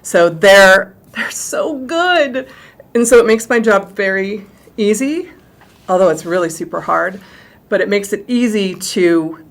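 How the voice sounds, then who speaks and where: A middle-aged theatre director with a medium-pitched voice chats animatedly and unhurriedly in a casual interview. She laughs easily as she talks.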